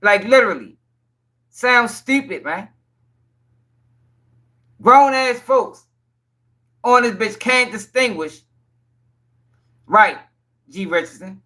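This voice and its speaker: A man hosting a casual livestream, reading court documents and talking straight to his chat viewers. His voice sits high and sounds bright, sharp and forceful. He talks in blunt, exasperated slang laced with cursing and keeps repeating his points. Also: lively intonation, measured pace, long pauses. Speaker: livestream news commentator. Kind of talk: casual profane commentary reading court papers.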